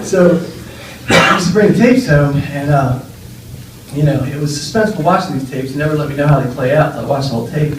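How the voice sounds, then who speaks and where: A man's voice: a little high, a little fast. A young man giving an informal memorial speech, telling fond, rambling stories with many fillers and laughs. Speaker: eulogy speaker. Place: memorial gathering room. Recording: echoey room, voice far from mic, faint noise.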